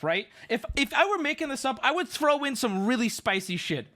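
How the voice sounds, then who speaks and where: Man, streamer, casual storytelling, animated, exclamatory, swears, very lively pitch. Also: a little fast.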